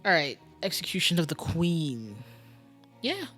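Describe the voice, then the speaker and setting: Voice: medium pitch, unhurried, fairly bright tone, faint music behind. Musing streamer thinking aloud over a game. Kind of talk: casual live-stream game commentary.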